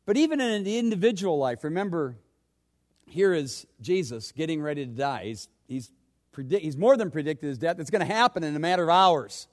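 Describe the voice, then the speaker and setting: Preacher man swinging loud to hushed. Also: expressive, fairly quick. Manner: dramatic swings between loud urgent questions and hushed low asides. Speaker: pastor. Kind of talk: sermon.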